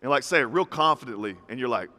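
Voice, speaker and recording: A man's voice: mid-range voice, expressive, fast, bright, forceful tone. A man in his thirties preaching a sermon in a conversational style, with punchy repeated phrases. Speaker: pastor. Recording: reverberant hall.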